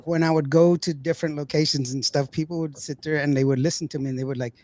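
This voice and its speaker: A man's voice: fairly high pitch, fairly even intonation, fast, hardly any pauses, a little mellow. Joking Texas-country man hosting a talk show. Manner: joking, rambling, laughs often. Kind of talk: casual chat.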